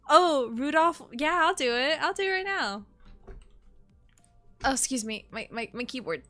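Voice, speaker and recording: A young woman streaming a game, chatting excitably and swearing freely. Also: high-pitched, moderate pace, long pauses, faint music behind. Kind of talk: casual live-stream chat.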